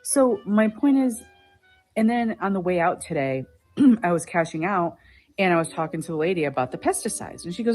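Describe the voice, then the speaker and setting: A woman's voice: fairly low pitch, lively intonation, moderate pace, a little mellow, faint music behind. A woman vlogger ranting casually to the camera, agitated as she retells her arguments.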